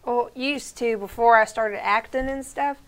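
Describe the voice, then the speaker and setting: A young woman from the American South co-hosts a casual talk show, joking and easygoing throughout. Her voice sits high. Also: unhurried, a bit bright. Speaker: co-host. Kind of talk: casual chat show banter.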